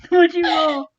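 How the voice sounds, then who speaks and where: A woman narrating a tabletop game as game master, in a chatty, rambling way. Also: very high-pitched. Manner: rambling, chatty, self-correcting. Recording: dull lo-fi stream audio.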